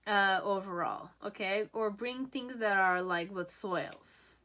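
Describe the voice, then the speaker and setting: A woman's voice: medium pitch, slow pace, pushed and bright. A woman giving a casual tarot reading, chatty and rambling, often checking in with "okay?" and "you know". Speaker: tarot reader. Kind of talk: casual pick-a-card reading.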